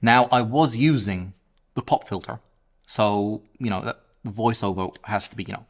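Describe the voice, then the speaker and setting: A man's voice: on the low side, normal speed. Male host, 40s, London accent, chatty self-mocking reviewer, small home studio, camera mic at arm's length. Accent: London English. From England. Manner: chatty, self-mocking, stumbles over words. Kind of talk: casual product review. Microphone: camera-mounted shotgun mic about arm's length away.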